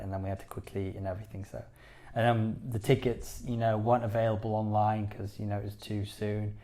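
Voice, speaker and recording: With a dark, lowish voice, a man co-hosts a podcast, chatting casually and with real enthusiasm. His speech is peppered with "you know."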